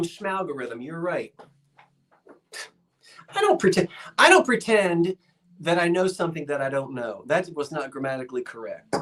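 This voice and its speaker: A live-stream sale host in a shop, chatting casually with a rambling, self-deprecating manner, reading out viewer comments and counting down bids. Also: medium pitch. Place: shop, indoors.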